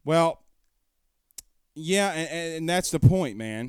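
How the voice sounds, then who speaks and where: Emphatic man, smooth dry voice. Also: on the high side, lively intonation, slow pace, darkish tone, no room sound. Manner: emphatic, argumentative, rhetorical questions. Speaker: sports talk show host. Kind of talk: casual live-stream commentary. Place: home room.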